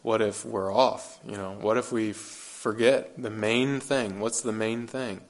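A man's voice: on the low side, steady tone, a little slow. A man preaching a sermon, earnest and emphatic, repeating phrases and asking his listeners rhetorical questions.

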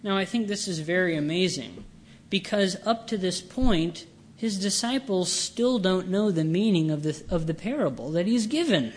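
A man preaching a sermon, reading scripture and explaining it with slow, earnest emphasis. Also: high voice, expressive.

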